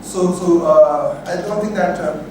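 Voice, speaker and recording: A man's voice: on the high side, a little slow, a little mellow, slight background noise. A man with a Bengali Indian English accent gives a workshop lecture, stressing key points with many fillers and repeated phrases. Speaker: workshop instructor. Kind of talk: classroom lecture. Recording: echoey hall, mic far off.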